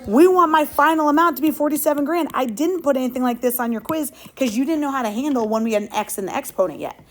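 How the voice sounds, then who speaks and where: A woman teaching a math class, upbeat and quick, calling out questions to her students. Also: high voice. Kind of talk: classroom lesson.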